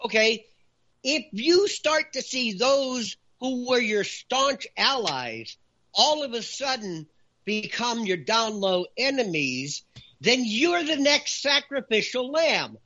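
A man's voice: very high-pitched, big pitch swings, slow, pushed and bright, dull audio. A man giving emphatic talk-show commentary as a guest, raising his voice to stress his points and counting them off in punchy lists. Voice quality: raises voice for emphasis.

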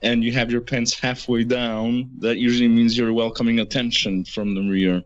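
A man's voice: medium pitch, little pitch movement, dry recording, muffled recording. A man in a casual discussion who rambles, stops and restarts often, and fills gaps with "uh" and "you know.". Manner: rambling, halting, many fillers.

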